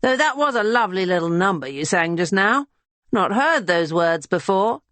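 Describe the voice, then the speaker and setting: A lecherous middle-aged official with a greying beard speaks smoothly, as a storybook reader puts him on. The reading is lightly acted and recorded dry. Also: mid-range voice, sing-song, moderate pace, a bit bright, dry recording, pitched above the performer's own voice.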